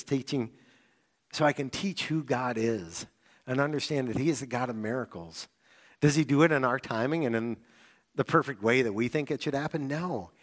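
A young man preaching a sermon, telling a personal story in an animated way, with sudden excited outbursts. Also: medium pitch. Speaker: pastor.

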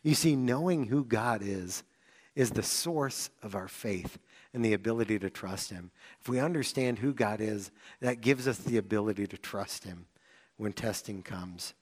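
A young man preaching a sermon, telling a personal story in an animated way, with sudden excited outbursts. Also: lowish voice, moderate pace. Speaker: pastor.

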